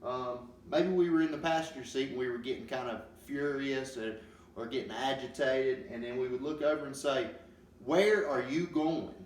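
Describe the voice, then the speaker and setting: A man giving a grammar lesson, explaining slowly and patiently with many pauses and ums. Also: medium pitch. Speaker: teacher. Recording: roomy, distant mic with faint noise.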